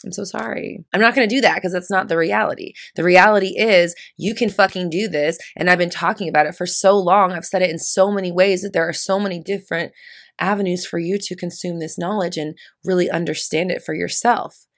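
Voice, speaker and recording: A woman's voice: on the low side, steady tone, fairly quick, dry recording, studio quality. A woman hosting a casual spiritual talk show, chatty and teasing, swearing casually, with sarcastic asides. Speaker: podcast host.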